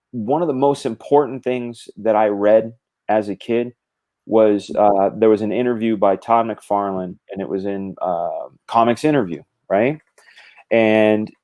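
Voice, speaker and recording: A man's voice: lowish voice, measured pace, warm tone. A middle-aged man in casual conversation, animatedly explaining drawing craft with gestures and quoted thoughts. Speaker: comic book artist guest.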